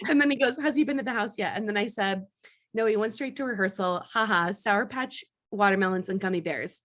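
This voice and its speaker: A young woman co-hosting a podcast, telling a story in casual chat, animated and laughing at herself. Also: medium pitch, brisk. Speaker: podcast co-host.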